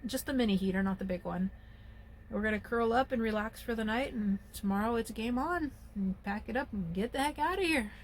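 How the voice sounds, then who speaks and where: A woman's voice: on the high side, lively intonation, a little fast, a little hiss or hum. A young woman vlogging in a casual, rambling way, anxious and restarting her sentences often. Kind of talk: casual vlog monologue. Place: at home, indoors and by the car outside.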